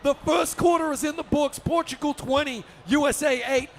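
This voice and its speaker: A man giving energetic, upbeat play-by-play for a basketball video game tournament, often shouting the big plays. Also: very high-pitched, normal speed, faint music behind. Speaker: esports commentator.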